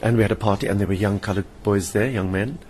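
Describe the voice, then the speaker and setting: A man's voice: lowish voice, fairly even intonation, quick pace, darkish tone, a little hiss or hum. An older man with a South African accent, speaking as an interview guest and telling personal stories vividly, acting out the voices of people he quotes. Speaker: interview guest, stage performer. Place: hotel lounge.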